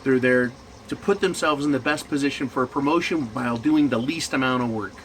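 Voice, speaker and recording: A man's voice: mid-range voice, fairly quick, a bit bright, slight background noise, rough recording. A man in management ranting crudely and mockingly in a profane monologue. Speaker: commentator.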